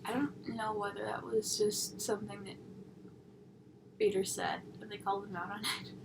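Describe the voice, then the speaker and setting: A young woman reviewing an episode in a casual, rambling way, full of tangents and sarcastic asides. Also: medium pitch. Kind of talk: casual chat. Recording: audible background noise.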